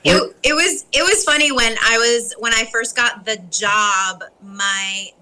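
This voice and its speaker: A woman from New Jersey, an actress and podcast guest, telling lively stories in casual chat and acting out what people said. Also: a little high, unhurried, soft background music, rough recording. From New Jersey, USA. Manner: animated storyteller, acts out quotes with laughter.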